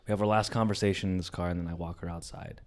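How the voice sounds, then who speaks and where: A young man with a lowish voice tells a story on a casual comedy podcast. He is animated and profane, jumping between loud bursts and quiet, hushed passages. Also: rapid-fire. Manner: animated, swears a lot, swings from loud to hushed. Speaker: podcast co-host.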